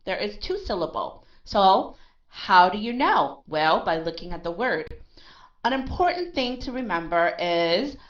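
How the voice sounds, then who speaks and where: This is a woman teaching pronunciation in a recorded online lesson, her mid-range voice carrying a little brightness. She explains one step at a time, ending phrases with "okay" and answering her own questions, all captured in dull lo-fi sound.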